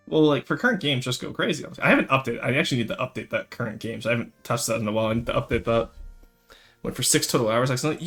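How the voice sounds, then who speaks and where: Lively, rambling man streaming. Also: medium pitch, vocal fry. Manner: animated, rambling, quick to laugh. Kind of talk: casual live-stream chat.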